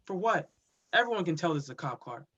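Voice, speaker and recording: A man's voice: a little high, lively intonation, quick pace, fairly bright tone, breathy edge, heavily acted. A man reading the part of a blunt, stubborn young police officer in a play reading over a video call. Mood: arguing. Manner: blunt, argumentative. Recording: dull lo-fi video call audio.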